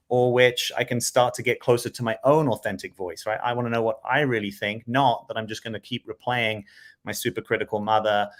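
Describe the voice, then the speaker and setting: A man's voice: medium pitch, fairly even intonation, fast, fairly bright tone. Reflective male coach, conversational. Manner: reflective, conversational, often asks "right?". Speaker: dating and self-development coach. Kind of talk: solo talk to camera.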